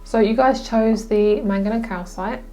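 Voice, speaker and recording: Young woman tarot reader, excitable and gushing, casual and profane, mid-pitched. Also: moderate pace. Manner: gushing, excitable, swears freely. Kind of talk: casual pick-a-card tarot reading.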